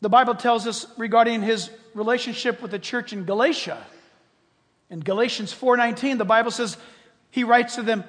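A man preaching a sermon as a pastor, animated and conversational, acting out quoted prayers and joking with the congregation. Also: very high voice, a little fast, in a large hall.

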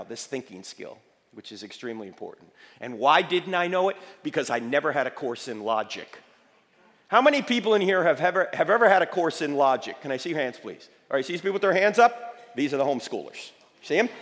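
A man giving an emphatic, lively lecture to a live audience, quizzing them with rhetorical questions, his voice slightly failing. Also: fairly high pitch. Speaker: speaker addressing a live audience. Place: large hall with audience. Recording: echoey hall reverb.

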